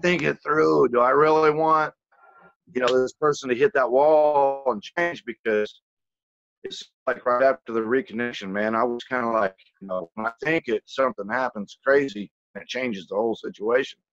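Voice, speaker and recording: A man spins a long personal story in a loose, rambling way, swearing and leaning on "you know" at every turn. His voice sits at an ordinary middle pitch. The recording is dry and a little dull, like modest home gear. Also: normal speed, a bit bright, no room sound. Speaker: channel host telling a personal story. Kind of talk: casual conversational storytelling.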